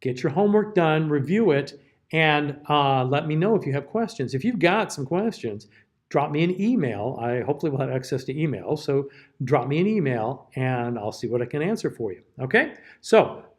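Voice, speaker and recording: American diction teacher, casual okays. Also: male voice, a little high, expressive, moderate pace. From United States. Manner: casual, checks in with frequent "okay?"; models vowel sounds aloud. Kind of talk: recorded class lecture.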